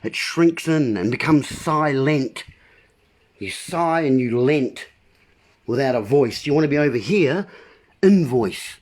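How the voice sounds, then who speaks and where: His medium-pitched voice carries lively intonation, yet he takes his time delivering a passionate vlog monologue to viewers. He sounds frustrated and emphatic, toying with words as he rants.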